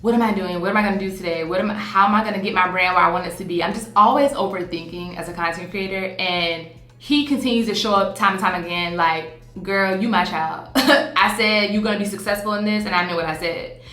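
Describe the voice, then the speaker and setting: A woman, talking to camera in a chatty, animated, playful vlog style. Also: medium pitch, fast talker, echoey room, soft background music. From Virginia, USA. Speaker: vlogger. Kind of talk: casual vlog talk to camera. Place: hotel room on vacation.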